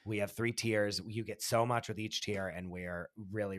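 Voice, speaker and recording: A man co-hosting a podcast, giggly and expressive, retelling messages with big emphasis. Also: on the low side, normal speed, hardly any pauses. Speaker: podcast co-host. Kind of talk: casual chat.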